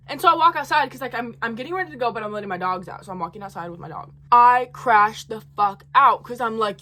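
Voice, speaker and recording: A woman's voice: a little high, fast, hardly any pauses, bright, forceful tone. A young woman in college telling a profane, heated storytime rant in her own rambling way. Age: young adult. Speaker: college student vlogger.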